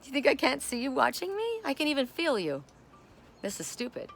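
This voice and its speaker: Woman chatting away on her deck, expressive, keeps talking to her cats. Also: high voice, fairly quick, creaky. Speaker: spiritual vlogger. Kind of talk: casual chat. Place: home deck with garden.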